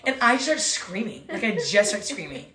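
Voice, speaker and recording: Bright animated woman telling a story. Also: medium pitch, normal speed. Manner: animated, acts out quotes, laughs often. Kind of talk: casual chat, storytelling. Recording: echoey room.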